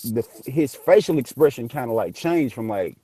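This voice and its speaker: A man tells a ghost story casually, animated and profane, acting out the voices. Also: medium pitch, normal speed, dry recording. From Memphis area, US South. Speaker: guest telling a ghost story.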